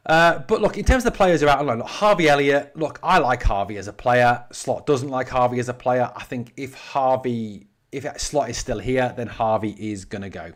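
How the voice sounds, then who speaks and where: A man's voice: medium pitch, normal speed, hardly any pauses. A man from northeast England hosting a solo podcast, giving blunt opinions and answering live chat with swearing. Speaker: podcast host.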